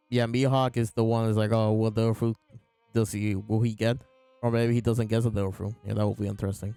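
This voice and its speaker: A man's voice: lowish voice, gravelly, mellow, clean tone, no echo. A man hosting a casual chapter review, retelling scenes by quoting the characters in his own voice over faint background music. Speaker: host reviewing comic chapters.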